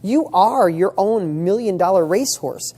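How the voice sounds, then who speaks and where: A man's voice: high voice, lively intonation, unhurried, warm tone. A man giving a motivational talk, firing rhetorical questions with emphatic, casual delivery and the odd swear word. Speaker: motivational speaker.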